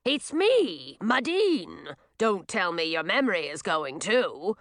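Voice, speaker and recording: A cackling old witch with a grasping, rude streak, as a woman puts her on in a storybook reading. She drawls brashly, her voice swinging widely in pitch. The sound is close and dry. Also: big pitch swings, slow pace, fairly bright tone, no echo, heavily acted.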